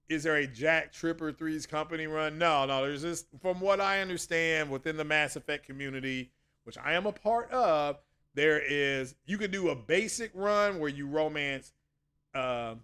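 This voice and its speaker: High-voiced man rambling casually on stream. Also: pushed and bright, clean tone. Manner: rambling, chatty, many self-corrections. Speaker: channel host. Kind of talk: casual livestream chat with viewers.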